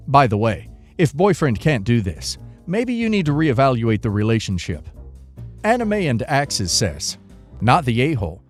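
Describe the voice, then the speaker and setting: A man narrating, reading online forum posts and comments aloud in a steady read-aloud delivery. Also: mid-range voice.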